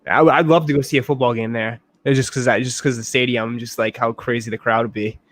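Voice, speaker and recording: A man's voice: mid-range voice, steady tone, brisk, dry recording. A man hosting a casual livestream chat, joking around and often repeating himself. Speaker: host.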